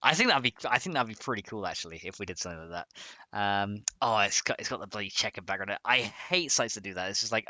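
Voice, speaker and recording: A man's voice: fairly low pitch, animated, fast, sharp tone, no room sound. A man casually chatting on a live stream while modding a game, rambling and laughing often as he reads chat.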